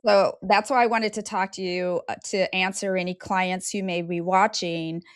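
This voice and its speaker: A woman's voice: on the low side, moderate pace, dry recording. Sassy American woman host, dry sound. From United States. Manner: lively, conversational, sassy asides. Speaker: podcast host. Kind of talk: casual interview chat.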